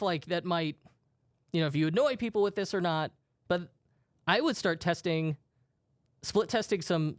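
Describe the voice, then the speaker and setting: A man with a high voice co-hosts a podcast, recorded in a clean studio with no echo. In casual chat, he tells stories with jokey, self-deprecating humor.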